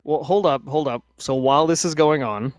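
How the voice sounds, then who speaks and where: A man's voice: on the high side, moderate pace, no room sound. A man narrating a tabletop game as game master, often restarting and hesitating mid-sentence.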